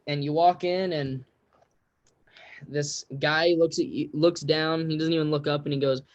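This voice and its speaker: A man runs a tabletop game as game master, his voice sitting a little high for a man. He narrates easily and laughs often, dropping into quick quoted lines for the people his players meet. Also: dry recording, muffled recording. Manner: relaxed storytelling, laughs often.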